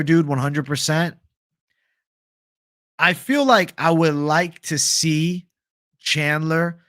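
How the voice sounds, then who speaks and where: A man's voice: a little high, a bit bright, no room sound, studio quality. Profane, chatty man reading live comments. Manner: casual, profane, reads viewer comments aloud. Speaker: livestream host. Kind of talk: casual livestream chat.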